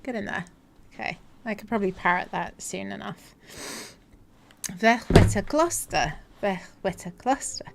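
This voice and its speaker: A woman live-streaming from home, chatting casually to viewers, giggly and excitable. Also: mid-range voice, unhurried, gravelly, pauses often, background noise.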